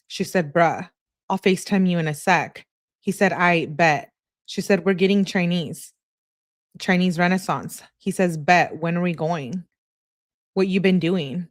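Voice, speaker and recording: A woman with a lowish voice reads a thread of text messages aloud in a relaxed, conversational way. She stops now and then to correct herself or add a quick aside. The recording is close and dry, with no room sound. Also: no echo. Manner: plain conversational reading with asides and self-corrections. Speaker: channel host reading text messages.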